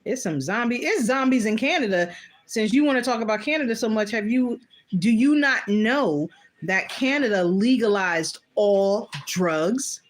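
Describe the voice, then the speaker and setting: A woman hosting a casual livestream while eating, excitable and exclamatory, swearing freely. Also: on the high side, measured pace, slight background noise. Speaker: livestream host.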